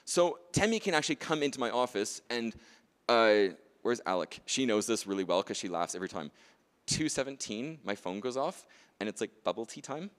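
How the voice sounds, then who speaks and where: A man's voice: mid-range voice, lively intonation, moderate pace, clean tone, in a large hall. A man presenting a demonstration workshop at a conference, chatty and jokey, often checking in with "right?" and "okay?". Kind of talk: lively conference demonstration talk.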